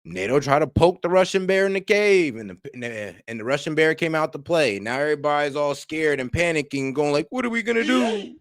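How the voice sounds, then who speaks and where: A man's voice: fairly high pitch, fairly quick, hardly any pauses, clean tone, dry recording, clean studio sound. A man co-hosting a reaction video, chatting in a casual, slangy way and firing off rhetorical questions. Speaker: co-host reacting.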